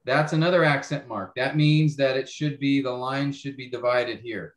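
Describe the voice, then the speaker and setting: A man leads an online Bible class, walking through each point and pausing to ask whether everyone follows. His voice sits at an ordinary pitch and carries a roomy echo. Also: steady tone. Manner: explanatory, checks understanding often. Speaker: Bible teacher.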